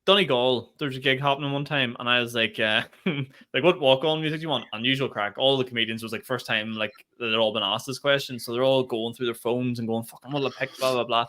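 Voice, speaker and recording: Fast, bright-voiced man. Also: medium pitch. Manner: animated storytelling, swears freely. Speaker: comedian and podcast co-host. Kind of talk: casual podcast chat.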